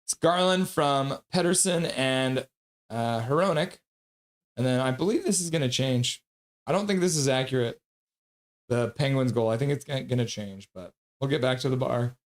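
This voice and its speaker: A man streaming live play-by-play of a hockey game, calling the action quickly and reading viewer comments between plays. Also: mid-range voice. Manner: rapid play-by-play, bursts into loud excited voices when reading chat.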